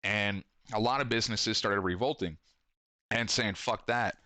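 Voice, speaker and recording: A man's voice: lowish voice, unhurried, sharp tone, no room sound. A man in his thirties talking casually, rambling, swearing a lot and acting out quotes as he tells stories. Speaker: podcast host and shop owner. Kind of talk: casual profane monologue.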